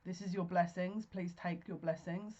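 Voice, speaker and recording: A speaker giving a solo psychic reading, talking slowly and haltingly as if receiving messages. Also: medium pitch, steady tone, a little mellow, lo-fi sound. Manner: slow, searching, stop-start channeling talk. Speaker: psychic tarot reader. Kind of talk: solo general reading to camera.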